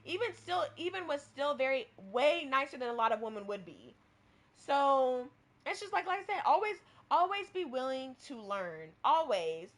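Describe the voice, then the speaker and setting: A woman co-hosting a casual talk show, animated, retelling a story and acting out what people said. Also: high voice, normal speed. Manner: animated, acts out quoted people. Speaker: podcast co-host.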